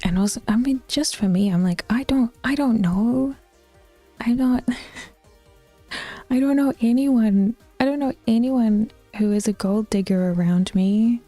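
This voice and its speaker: Slow-talking New Zealand woman streamer. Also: a little high, soft background music. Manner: drops into soft whispered asides, bluntly teasing, often laughing. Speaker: Twitch streamer. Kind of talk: casual chat with viewers.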